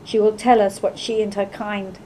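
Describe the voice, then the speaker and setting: A woman author giving a measured, expressive reading of her own novel. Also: medium pitch, a little hiss or hum, rough recording. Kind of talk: literary reading aloud.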